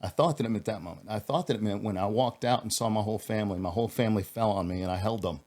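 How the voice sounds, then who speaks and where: A man with a very low, deep voice, a former police officer who is a guest on a podcast. He tells a personal story earnestly, stumbling and restarting his phrases. In the heavy moments his voice sinks lower and softer. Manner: earnest, halting, with frequent restarts.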